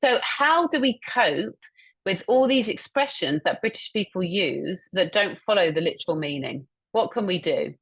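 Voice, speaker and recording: A woman's voice: mid-range voice, lively intonation, moderate pace, a bit bright, breathy edge. A woman presenting an instructional webinar on a video call, speaking in an encouraging way and explaining points through examples she repeats back. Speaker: webinar presenter and communication trainer.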